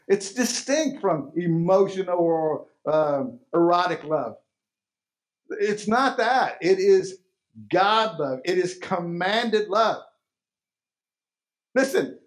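A pastor delivers his sermon in a notably high, bright-pitched man's voice. He drives his points home by repeating phrases and firing off rhetorical questions at the congregation. The delivery stays emphatic and earnest throughout. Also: expressive, slow, long pauses.

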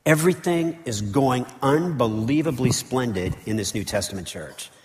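Man pastor, animated casual sermon voice, long church reverb, mid pitch. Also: moderate pace. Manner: animated, conversational preaching with frequent "okay" and "right". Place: church sanctuary.

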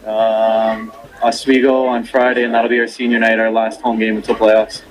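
A man's voice: lowish voice, completely flat delivery, moderate pace, low-quality recording. A man, a hockey coach, speaking plainly and matter-of-factly.

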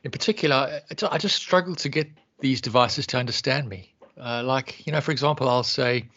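A man's voice: mid-range voice, a little fast, fairly bright tone. A man with a South African accent and a mid-range voice chats on a podcast. He talks hesitantly, often repeating his words and laughing lightly. The sound is dull and lo-fi. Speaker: podcast co-host. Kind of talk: casual podcast chat.

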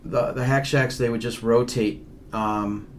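A man's voice: mid-range voice, steady tone, measured pace, a little hiss or hum. A man co-hosting a casual talk about ghost hunting, rambling and restarting his sentences. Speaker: paranormal investigator, co-host. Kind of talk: casual podcast chat.

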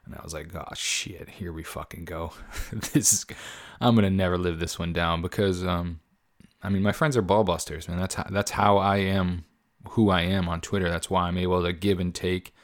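A man with a very low, deep voice hosts his own podcast, talking off the cuff. He rambles candidly, swears freely, and leans on fillers as he goes. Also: steady tone, normal speed. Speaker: podcast host. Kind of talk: casual solo podcast monologue.

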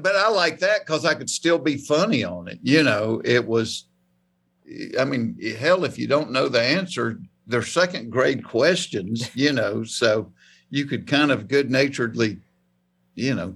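A man's voice: medium pitch, lively intonation, moderate pace, gravelly, fairly bright tone, breathy edge. Joking Southern man from Georgia. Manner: joking, storytelling. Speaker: comedian guest. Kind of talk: casual podcast chat.

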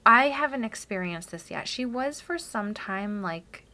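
A woman's voice: mid-range voice, expressive, a little slow, pushed and bright, slight background noise. A woman co-hosting a casual parenting chat, sharing candid stories in a thoughtful way. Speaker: podcast co-host.

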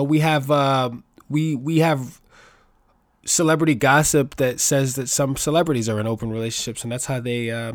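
A man's voice: mid-range voice, no echo, studio quality. Profane, hyped-up male podcast host. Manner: animated, profane, hype-man delivery. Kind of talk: solo comedic podcast monologue.

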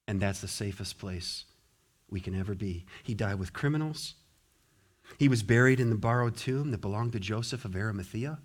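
Fervent pastor preaching with big dynamic swings. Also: male voice, lowish voice, normal speed. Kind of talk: sermon.

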